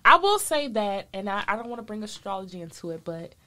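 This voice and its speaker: A woman co-hosting a casual podcast with a bright, forward voice. She talks in an emphatic, opinionated way, pressing her point with repeated lead-ins. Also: mid-range voice, big pitch swings, fast talker. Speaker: podcast co-host.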